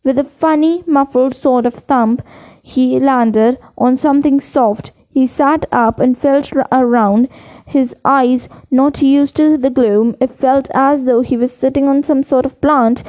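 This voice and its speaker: A woman reading a children's novel aloud in an unhurried, slightly halting way. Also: sits high, fairly even intonation, dark tone. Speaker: audiobook reader. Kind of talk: storybook read-aloud. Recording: dull lo-fi recording.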